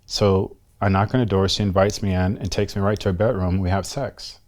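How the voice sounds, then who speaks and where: A man in his fifties, a guest telling a personal story in an interview in a soft-spoken, reflective and earnest way. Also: low-pitched, fairly even intonation, brisk. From United States. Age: 50s.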